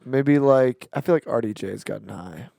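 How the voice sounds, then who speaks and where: A man's voice: medium pitch, normal speed, creaky, mellow, dry recording, clean studio sound. A man co-hosting a podcast who rambles, searches for words and laughs easily in casual chat. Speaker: podcast co-host.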